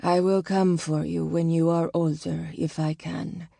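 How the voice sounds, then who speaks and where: A woman narrator voicing a mysterious, sorrowful father who speaks in a soft, soothing whisper. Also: deep voice, flat delivery, unhurried, creaky, dry recording, clean studio sound, full character voice.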